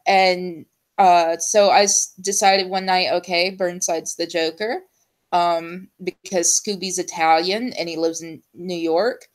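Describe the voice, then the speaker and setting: A woman talk-show host in casual conversation, her voice sitting a little low for a woman. She wanders through her stories with frequent ums and unfinished thoughts. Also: steady tone. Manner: chatty, full of ums and trailing pauses. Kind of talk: casual chat.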